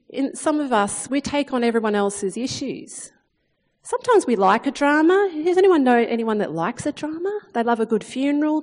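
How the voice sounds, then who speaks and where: Lively woman preaching in a hall. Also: fairly high pitch. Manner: chatty and animated, acting out quoted lines. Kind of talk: sermon. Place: church hall, long reverb. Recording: reverberant hall sound.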